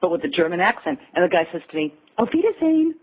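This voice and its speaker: A woman's voice: lowish voice, background noise. An American woman talking as an interview guest, telling stories and acting out quotes with a laugh. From United States. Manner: animated storyteller who acts out quotes and laughs. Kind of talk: casual interview conversation. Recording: tinny phone line.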